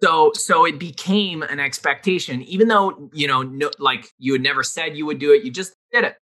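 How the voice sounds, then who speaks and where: Very bright-voiced chatty man. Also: fairly high pitch, normal speed. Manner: animated, loose explaining with many fillers. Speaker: podcast co-host. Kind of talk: casual conversation.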